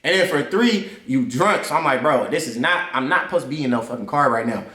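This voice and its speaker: A man's voice: mid-range voice, expressive, fast, pushed and bright. A young man animatedly telling a personal story in casual slang, leaning on "I'm like" to replay the scene. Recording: roomy echo.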